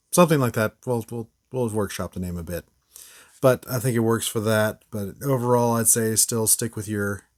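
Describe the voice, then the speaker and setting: A man hosting a casual toy review, rambling with frequent fillers and short laughs. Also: lowish voice. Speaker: toy reviewer, channel host.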